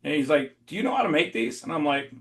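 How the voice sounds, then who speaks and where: A man in a casual podcast chat, telling a long funny story in an animated way, swearing freely and laughing as he goes. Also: a little high, fast talker. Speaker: podcast guest.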